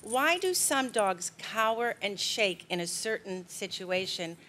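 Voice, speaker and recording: A woman's voice: mid-range voice, expressive, unhurried, bright, forceful tone. A woman from New Jersey in a studio audience, asking why some dogs get fearful. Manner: polite, asks a question. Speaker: audience member.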